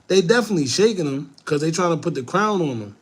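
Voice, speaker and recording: Breathless, excitable man, slightly high voice. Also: fast talker, breathy edge. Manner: excitable, laughing, swearing casually. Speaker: host reacting to a video. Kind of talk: casual commentary, talking to viewers.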